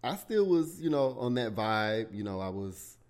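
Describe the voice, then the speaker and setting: A young man hosting a podcast, telling his own story casually and candidly, with lots of swearing and animated outbursts. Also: medium pitch, a little slow. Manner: candid, profane, animated retelling with bursts of shouting. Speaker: podcast host.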